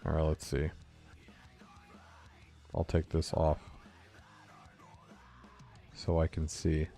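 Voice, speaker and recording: A young man from California chats loosely with his live-stream viewers while writing code. His voice sits very low with a gravelly fry. He laughs easily as he talks, and soft guitar music plays faintly behind him. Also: completely flat delivery, takes it slowly. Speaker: game developer streaming. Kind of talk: casual live-stream chat while coding.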